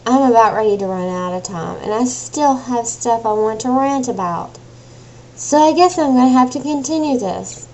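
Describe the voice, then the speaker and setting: A woman's voice: a little high, normal speed, darkish tone, slight background noise, rough recording. A young adult woman venting in an emotional personal rant, agitated and exasperated, swearing now and then. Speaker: vlogger.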